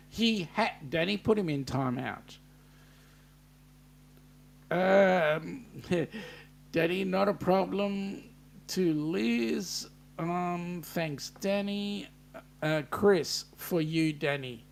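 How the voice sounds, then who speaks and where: A man's voice: high-pitched, extremely slow, vocal fry. An Australian man hosting a casual live-stream chat, reading out viewer comments and bantering with them, with frequent ums and restarts. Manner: hesitant, many ums and restarts.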